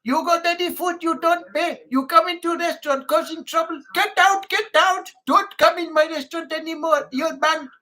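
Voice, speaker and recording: A man's voice: extremely high pitch, steady tone, moderate pace, hardly any pauses, pushed and bright, pitched above the performer's own voice. A man voicing an angry male restaurant owner with an Indian accent, scolding and repeating himself.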